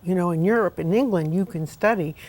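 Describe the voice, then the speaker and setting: A woman's voice: fairly low pitch, a little fast, a little mellow. A middle-aged woman hosting a casual book discussion, chatty and asking her guest questions. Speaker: host.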